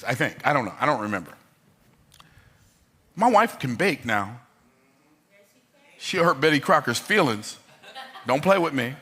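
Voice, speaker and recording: A man's voice: medium pitch, bright, forceful tone. A man giving a motivational talk, emphatic and joking, repeating his key phrases for effect. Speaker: motivational speaker.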